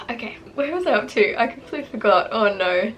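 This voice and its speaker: A woman's voice: fairly high pitch, lively intonation, fast talker, fairly bright tone, a little hiss or hum, poor audio. A young woman in her twenties, earnest and teary, talking about her life in a rambling, heartfelt personal vlog. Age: 20s. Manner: earnest, tearful, rambling with many fillers. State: teary and emotional. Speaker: vlogger. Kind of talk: emotional personal vlog to camera. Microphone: camera mic, sitting close.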